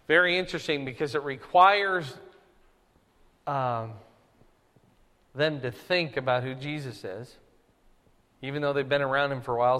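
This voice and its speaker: A man's voice: mid-range voice, fairly bright tone, long reverb tail. A man teaching a Bible study in a conversational way, often checking in with his listeners with "right?" and "okay?".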